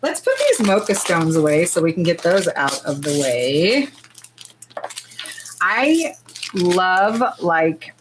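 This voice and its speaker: A woman's voice: fairly low pitch, sing-song, takes it slowly, long pauses, noisy background. A woman with a lilt hosting a casual livestream, chatty and bubbly, gushing and filling her talk with little asides. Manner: chatty and bubbly, many fillers, gushes over tiny things. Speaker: nail art livestream host. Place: indoors under lights.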